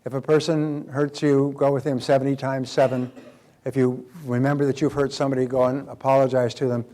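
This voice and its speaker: An older man delivers a live self-help seminar in a mid-pitched voice. He tells stories with animated energy and briefly takes on the voices of the people he quotes. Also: fairly quick. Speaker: motivational seminar speaker.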